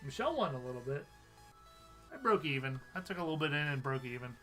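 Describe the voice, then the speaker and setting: A man's voice: medium pitch, expressive, quick pace, bright, forceful tone, soft background music. A man hosting a live stream, chatting casually, reading out viewer comments and laughing often. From USA.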